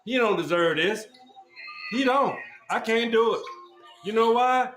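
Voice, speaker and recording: A high-voiced man hurls taunts at a caller on an online group call, repeating the same jab again and again. His voice bounces around in a roomy, echoing sound. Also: a little slow, soft background music. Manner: loud, mocking, repeats insults over and over. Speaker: podcast host. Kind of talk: heated argument on a group call.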